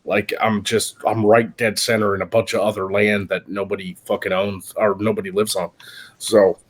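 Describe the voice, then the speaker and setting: A man hosting a live stream, chatting casually and telling animated, profanity-filled stories. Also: fairly low pitch, moderate pace. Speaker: stream host. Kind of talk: casual chat.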